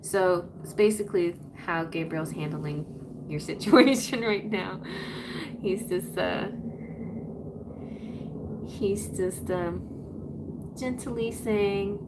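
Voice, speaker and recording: A woman's voice: mid-range voice, slow, pauses often, background noise. Chatty woman giving a live tarot reading. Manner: chatty and rambling, with frequent laughs and playful sing-song voices. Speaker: tarot reader hosting a live stream.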